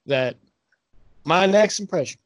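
A mock-solemn phone psychic with a put-on Southern US drawl, done by a man, halting and stumbling as he predicts. His voice is a little high and swings widely, slow and close in a dry room. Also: animated, dry recording. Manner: halting, stumbling over his words, cracking up. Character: male politician playing a phone psychic.

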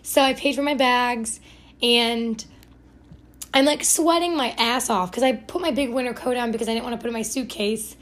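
High-voiced young woman rambling through a story. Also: normal speed, fairly bright tone. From Ohio. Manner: rambling and chatty, lots of "like" and self-corrections; self-deprecating and dramatic. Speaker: podcast host. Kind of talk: casual storytelling monologue.

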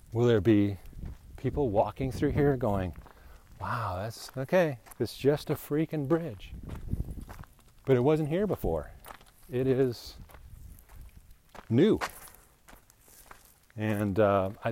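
Man with a lowish voice, podcast host, casual rambling, joking and wry, walking outside. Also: dark tone, a little hiss or hum. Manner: joking, wry and self-mocking. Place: outdoors, walking near a new bridge.

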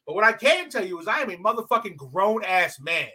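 A man with a very bright, sharp, cutting voice tells a story in casual talk. He swears heavily and often flares up into shouted, heated outbursts. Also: sits high, very animated, brisk, slightly rough. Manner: profane, heated, bursts into shouting.

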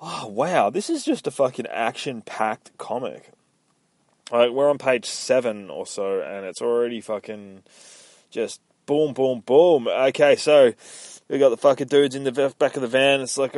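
A man hosting a comic book podcast, recapping an issue in casual, profane play-by-play and dropping into quick voice impressions. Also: mid-range voice, no room sound.

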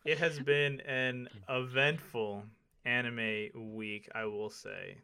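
A male podcast host with a bright, forceful voice who talks in a hyped, jokey way. He chats casually and keeps the conversation moving with his co-hosts. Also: medium pitch, fairly even intonation, takes it slowly, creaky, clear, resonant tone.

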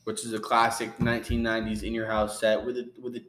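A man's voice: lowish voice, monotone, fast, fairly bright tone. A young man co-hosting a podcast, recapping a wrestling match play by play in a loose, rambling way with plenty of fillers. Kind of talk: casual chat. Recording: roomy echo.

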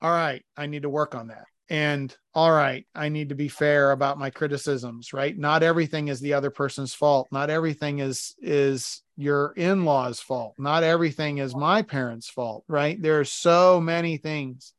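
A married man co-hosting a podcast, chatting casually and telling animated stories where he acts out domestic arguments. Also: on the high side, moderate pace, few pauses, no echo, studio quality. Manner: animated storytelling, acting out arguments. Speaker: podcast co-host. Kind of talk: casual chat.

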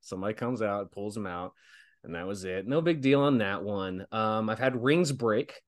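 A man in his thirties, a guest pro wrestler on a casual podcast, tells stories in an animated way, laughing often and swearing freely. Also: fairly low pitch, normal speed. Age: 30s.

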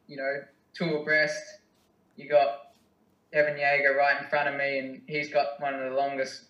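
A young Australian man answering interview questions in a hesitant, halting, self-deprecating way. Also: mid-range voice, monotone, sharp tone, muffled recording. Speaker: guest, distance runner. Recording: roomy, mic at a distance.

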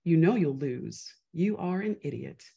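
A cruel inner critic, blunt and scornful, as a woman reads it aloud. Low and gravelly, with curt, quiet jabs. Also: expressive, a little slow, muffled recording, exaggerated voice.

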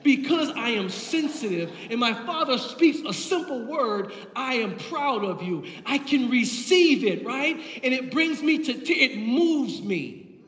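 Male pastor, very high voice, passionate repetitive preaching, roomy church echo. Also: lively intonation, measured pace, fairly bright tone. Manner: impassioned, builds with repeated phrases. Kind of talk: sermon. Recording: echoey hall from far off.

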